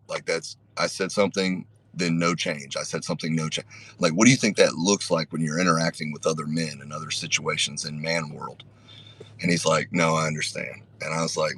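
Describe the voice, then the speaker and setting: A middle-aged man telling a story in a blunt, unhurried way with frequent profanity, on a podcast. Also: sits low, pushed and bright, slightly rough, dry recording. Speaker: podcast host. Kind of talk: casual storytelling.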